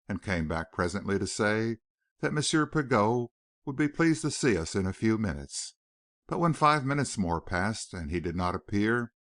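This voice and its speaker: Man, audiobook narrator, measured storytelling, low voice, lively pitch, dry close recording. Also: no room sound.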